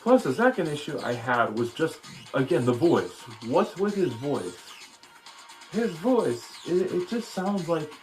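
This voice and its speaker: A man's voice: fairly high pitch, big pitch swings, measured pace, a little mellow, soft background music. A man giving a casual, opinionated critique of a cartoon, rambling with frequent restarts. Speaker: video commentator.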